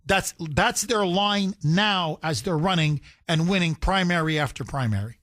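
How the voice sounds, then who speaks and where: A man's voice: sits high, a little slow, hardly any pauses, a bit bright, no echo, studio quality. A man hosting a call-in talk radio show, talking emphatically with sarcastic jabs. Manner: sarcastic, emphatic, mocking imitations.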